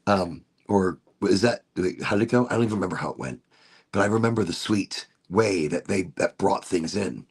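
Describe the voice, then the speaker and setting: A man's voice: low voice, fairly quick, breathy edge. A man hosting a casual livestream chat, rambling loosely with giggly, self-interrupting asides. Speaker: livestream show host.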